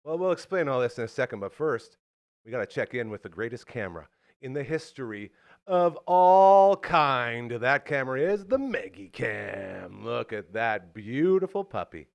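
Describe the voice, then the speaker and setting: A man's voice: medium pitch, big pitch swings, normal speed, gravelly. A man hosting a live local talk show, out of breath and joking in an upbeat, hyped way. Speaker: podcast host.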